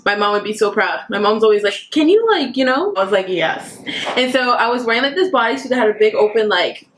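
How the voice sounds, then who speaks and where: A young woman in casual vlog chat, telling a story in an excitable, giggly way. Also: mid-range voice, fast, a little hiss or hum. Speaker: vlogger.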